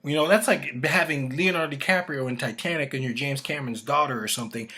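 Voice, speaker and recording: A man's voice: medium pitch, fast talker, bright, forceful tone, breathy edge. A man ranting to camera in a rambling way, swearing often and restarting his sentences. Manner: profane, rambling, with frequent restarts. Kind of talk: rambling opinion rant to camera.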